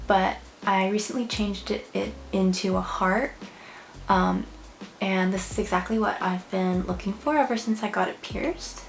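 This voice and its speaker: In a casual, chatty vlog to camera, a young woman speaks in a gravelly mid-range voice, leaning heavily on fillers like "like" and "um." Faint music plays, the room echoes, and she sits a bit far from the mic.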